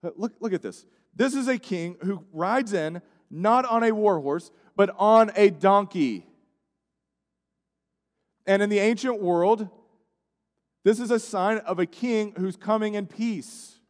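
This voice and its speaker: A male pastor preaching a sermon, swinging between loud emphatic lines and hushed, quiet passages. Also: high voice. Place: church sanctuary. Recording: church sanctuary with long reverb.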